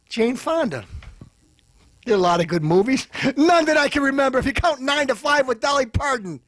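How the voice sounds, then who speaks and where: A man hosting a comedy show, ranting and hurling insults, swinging between loud outbursts and low mutters. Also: dry recording. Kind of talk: ranting comic commentary.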